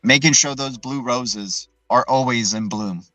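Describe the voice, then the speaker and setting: A man's voice: mid-range voice, measured pace, sharp tone, dry recording, soft background music, rough recording. A man hosting a live stream in a loose, rambling way, tagging his points with "right?" and answering viewer chat as he goes. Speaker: livestream host.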